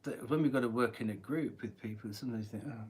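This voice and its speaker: A man with a husky voice giving a live tarot reading, chatty and rambling, often clearing his throat. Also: medium pitch, fast talker, darkish tone. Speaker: tarot reader.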